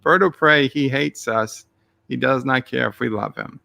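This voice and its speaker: A man's voice: mid-range voice, moderate pace, gravelly, pushed and bright, no room sound. A man streaming live, reading his chat messages aloud with dry joking asides.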